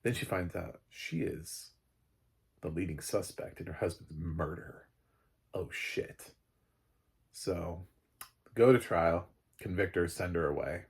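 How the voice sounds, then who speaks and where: A man with a low, gravelly voice and a husky edge talks through a movie in a loose, joking way. He rambles with plenty of fillers and drops the occasional swear word. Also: takes it slowly, long pauses. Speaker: movie reviewer. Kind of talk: casual spoken film review.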